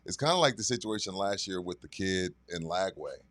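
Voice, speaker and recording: A man's voice: low-pitched, animated, brisk, fairly bright tone, dry recording. A laid-back man co-hosts a sports podcast and joins in with easy jokes. His voice sounds dry and close. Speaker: podcast co-host. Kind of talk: casual sports chat.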